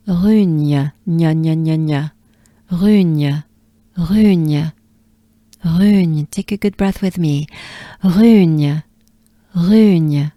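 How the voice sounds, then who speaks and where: Slow, mellow French woman coaching pronunciation. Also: fairly low pitch, dry recording. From France. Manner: patient, drawn-out demonstration with soft breathy asides.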